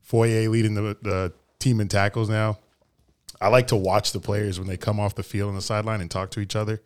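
A man's voice: lowish voice, little pitch movement, a little fast, clean tone. A man co-hosting a fan sports podcast, talking loosely with swearing and trailing phrases. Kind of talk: casual sports chat.

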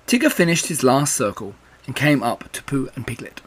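Gentle man reading a children's story. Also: mid-range voice, big pitch swings, moderate pace, slightly rough. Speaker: narrator.

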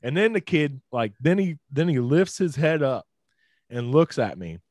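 A man's voice: on the high side, very animated, moderate pace, darkish tone, no room sound. A man telling a story in casual podcast chat, peppered with "like" and "dude" and swearing freely.

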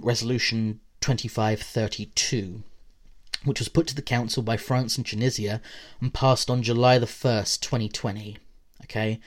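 A man with a middle-pitched voice reads a prepared academic essay for his podcast, working through long quoted passages. He lifts his voice at each new point and lets it sink quietly at the ends of sentences. Now and then he breaks off into a casual aside to the listener. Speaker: podcast host. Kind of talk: reading a prepared essay on politics.

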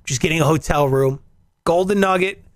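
A man hosting a show, telling a story in casual, profane, animated chat and acting out the voices in it. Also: a little high, a little fast, dry recording. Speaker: radio show host. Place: in Las Vegas.

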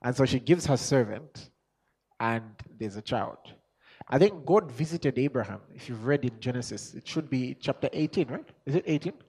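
A man preaching a sermon as an apostle, chuckling and asking himself questions as he builds from quiet musing to shouted exhortation. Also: mid-range voice, expressive, normal speed, slightly rough. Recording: long hall reverb.

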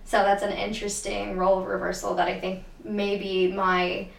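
A woman co-hosting a casual film chat podcast, animated and gushing. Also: medium pitch, moderate pace, vocal fry. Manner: animated, gushing, acts out quotes. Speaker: podcast co-host. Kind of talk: casual chat about films. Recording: roomy, somewhat distant mic.

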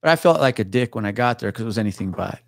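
A man's voice: lowish voice, lively intonation, racing, vocal fry, no echo, studio quality. Man swapping blunt police stories. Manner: swears freely, acts out others' words. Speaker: podcast guest, retired police officer. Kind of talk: casual storytelling.

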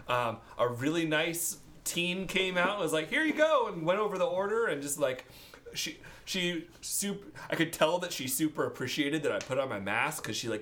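A man's voice: fairly high pitch, fairly bright tone. A man co-hosting a podcast, rambling and joking in casual chat and laughing often. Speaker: podcast co-host.

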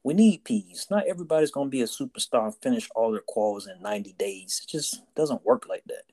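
A man's voice: medium pitch, expressive, fairly quick, dark tone. A man co-hosting a casual podcast chat, telling a story and often tagging lines with "right?" and "you know". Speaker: podcast co-host, Navy sailor.

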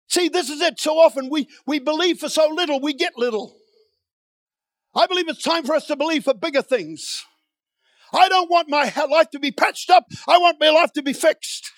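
A man's voice: very high-pitched, dry recording. A man preaching a sermon in a church, reading scripture and building to emphatic, repeated declarations.

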